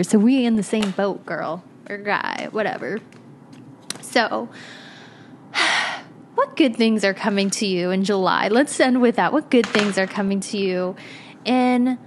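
A young woman doing a casual tarot reading to camera, chatty, blunt and slangy, swearing now and then. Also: mid-range voice. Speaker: tarot reader.

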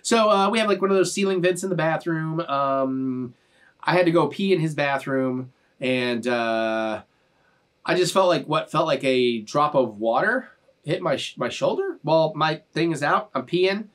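A man's voice: a little high, unhurried. A man, hosting a reaction channel and rambling playfully to his viewers. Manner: animated, rambling and playful, with sudden shrieks and laughs. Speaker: YouTube reaction channel host. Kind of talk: casual chat to camera.

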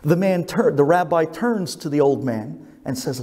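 A rabbi telling a story in an animated sermon, swinging between loud and hushed. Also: male voice, fairly high pitch, normal speed, hardly any pauses. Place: synagogue sanctuary. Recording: echoey synagogue hall.

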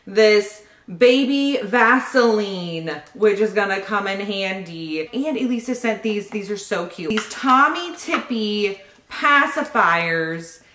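A young pregnant woman in a casual vlog, excitedly opening baby gifts and thanking each sender. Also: medium pitch, slow pace. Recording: echoey room.

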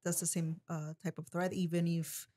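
A woman's voice: on the low side, flat delivery, normal speed, dark tone. A woman co-hosting a legal podcast, chatting casually and agreeing with short remarks. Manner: agreeable, brief interjections. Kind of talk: casual conversational chat.

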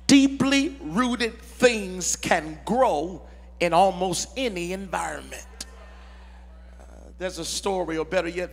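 A man preaching a sermon in a large church, reading scripture and rousing the congregation, slow and rising to shouts. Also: on the high side, gravelly. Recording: reverberant church hall with music.

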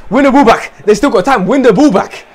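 A young man commentating on his own football video game, shouting, swearing and groaning at his players. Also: very high voice, brisk. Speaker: gaming streamer. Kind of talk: excited live gameplay commentary.

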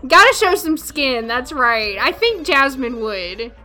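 A woman's voice: sits high, very animated, slow pace, pushed and bright, faint music behind. A woman with a Southern accent casually commenting on a life-sim game during a livestream, chatty and often laughing, talking to her viewers. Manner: chatty, giggly, talks to chat. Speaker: gaming livestreamer.

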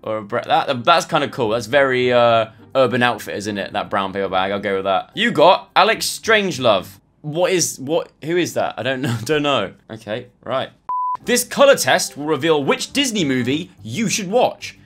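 A man's voice: mid-range voice, very animated, moderate pace, a bit bright. A young man chatting and thinking aloud as he plays through online quizzes for his channel. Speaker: YouTuber. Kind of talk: casual commentary playing online quizzes.

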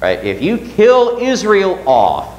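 Lively man teaching a church Bible class. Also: high voice, slow, roomy sound, muffled recording, a little hiss or hum. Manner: reads scripture aloud and asks the class questions.

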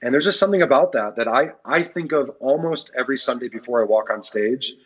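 A man's voice: medium pitch, expressive, quick pace, a bit bright, slightly rough. A man, a pastor, speaking as a guest on an interview podcast, earnest and repeating key phrases for emphasis.

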